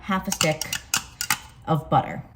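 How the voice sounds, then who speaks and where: A woman filming a casual baking vlog in her home kitchen, excitable and quick to gasp and exclaim. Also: low voice, background noise. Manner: excitable, gasps and exclaims often. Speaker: vlogger.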